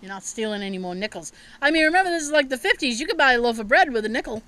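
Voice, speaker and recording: Woman podcast host, casual storyteller, bright-ish voice with big swoops in pitch, salty language. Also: very fast, clear, resonant tone. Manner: animated, swears freely, laughs often.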